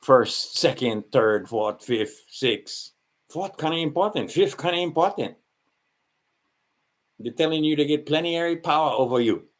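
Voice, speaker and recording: A man's voice: a little high, expressive, a little slow. A man with a Hawaiian Pidgin accent talking in a casual, rambling monologue, full of restarts and slang.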